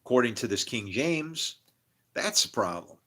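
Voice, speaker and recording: A man's voice: mid-range voice, very animated, normal speed, a bit bright. A man on a rambling live stream, exasperated, swearing and laughing as he talks to his viewers. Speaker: streamer studying scripture.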